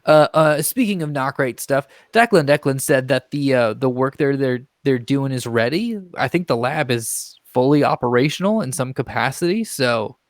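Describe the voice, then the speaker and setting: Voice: medium pitch, lively intonation, moderate pace, hardly any pauses, no echo, clean studio sound. A player in a tabletop game, talking casually and hesitantly.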